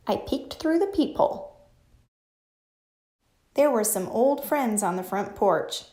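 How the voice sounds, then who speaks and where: A woman hosting a children's storytime and reading a picture book aloud in a gentle, clear way. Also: medium pitch, expressive, measured pace, long pauses, echoey room. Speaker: storytime host.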